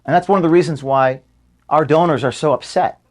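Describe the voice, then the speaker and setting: A man, the founder of an organization, giving an earnest, measured farewell statement to his staff from an office room. He speaks steadily, then grows quieter and halting when moved. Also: a little high.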